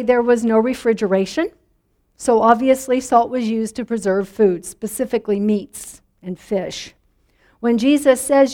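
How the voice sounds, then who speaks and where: A woman's voice: a little high, darkish tone. A middle-aged woman pastor preaching a sermon in a conversational way, drawing answers from the congregation. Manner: conversational, inviting congregation responses.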